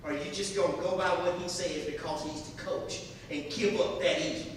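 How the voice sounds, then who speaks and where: A man's voice: high-pitched, a little fast, lightly acted. A man voicing a stern, determined mother of twelve in a spoken story, talking firmly and emphatically. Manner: firm, emphatic, loud. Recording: echoey hall from far off with noise.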